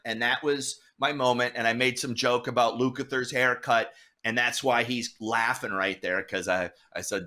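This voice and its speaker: A middle-aged man, a guest artist, telling a story casually, animated and swearing, acting out the voices of people he met. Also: medium pitch, moderate pace. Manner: animated, swearing, acts out dialogue.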